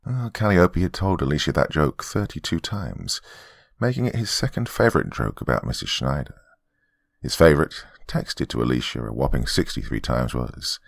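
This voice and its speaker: A male horror podcast host reading a scripted tale in a measured, dry storytelling manner. His voice sits extremely low with heavy fry, yet moves lively up and down. The sound is close and dead, with no room around it. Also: dry recording.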